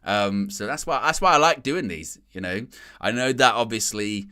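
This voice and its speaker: A man chatting casually and rambling excitedly about football on a fan channel's live stream, laughing often. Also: lowish voice, normal speed, clean tone. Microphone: headset.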